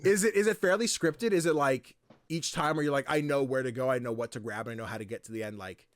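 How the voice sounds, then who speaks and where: A man hosting a casual podcast, telling stories in an animated, laughing way, with a tired throat. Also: medium pitch, fast talker, no echo. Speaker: podcast host.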